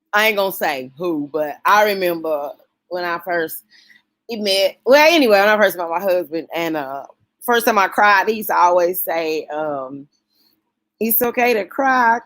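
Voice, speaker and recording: A woman hosting a casual late-night livestream, talking warmly and emotionally with her viewers. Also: lowish voice, no room sound. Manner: emotional, folksy, talks straight to chat.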